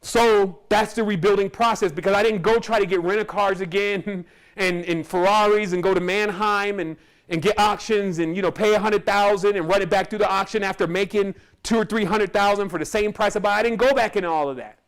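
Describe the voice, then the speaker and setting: A man's voice: sits high, steady tone, fairly quick. A man who teaches spirituality, telling his own story in a casual, rambling monologue and laughing often.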